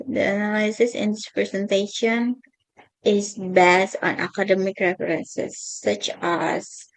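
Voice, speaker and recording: A woman's voice: mid-range voice, poor audio. A young woman reading out her class presentation on linguistics, carefully stressing each example word. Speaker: student presenter.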